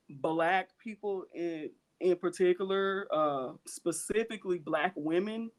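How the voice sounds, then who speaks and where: A woman co-hosting a podcast, talking candidly in an earnest, emphatic way and repeating her points for stress. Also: on the low side. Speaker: podcast co-host. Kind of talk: candid casual podcast chat.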